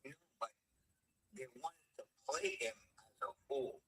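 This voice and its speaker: A man in a casual chat as a guest, plain-spoken and halting. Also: mid-range voice, expressive, pushed and bright, breathy edge, distant mic, low-quality recording.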